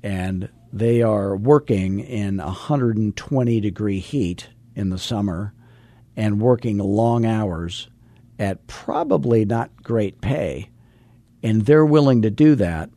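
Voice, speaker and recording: A man's voice: lowish voice, takes it slowly, mellow, no room sound. A man from Arizona, a real estate coach hosting a podcast, telling a story in a chatty, self-deprecating way with many fillers. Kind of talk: casual storytelling monologue.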